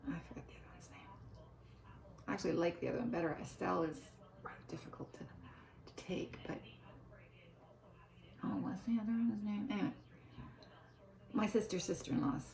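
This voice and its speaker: A woman's voice: fairly low pitch, animated, moderate pace, gravelly, pauses often, a little mellow. An older woman, chatting casually in a meandering way and breaking off into forgetful asides to herself. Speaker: vlogger. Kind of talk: casual rambling chat. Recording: echoey room.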